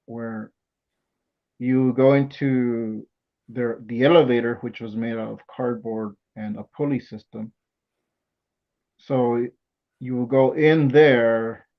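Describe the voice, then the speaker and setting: Male podcast host, gravelly mid-low voice, halting casual delivery, dull lo-fi recording. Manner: halting, many fillers and restarts while recounting. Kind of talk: casual chat. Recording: dull lo-fi sound.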